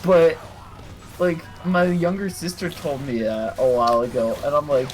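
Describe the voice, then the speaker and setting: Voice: mid-range voice, steady tone, normal speed, soft background music, low-quality recording. A playful, joking co-commentator calling a tournament in casual chat from home.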